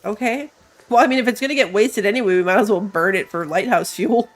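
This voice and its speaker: A woman with an allergy-stuffed nose gives casual let's-play commentary over game music, thinking aloud, reading game text and laughing at herself. Her voice is mid-range and fast.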